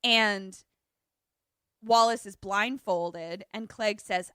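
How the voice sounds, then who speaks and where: A woman's voice: mid-range voice, a little slow, no room sound, studio quality. A woman co-hosting a podcast, casually recapping a film and acting out the characters' lines as she goes. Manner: animated retelling, acts out quoted lines. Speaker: podcast co-host. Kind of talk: casual movie recap chat.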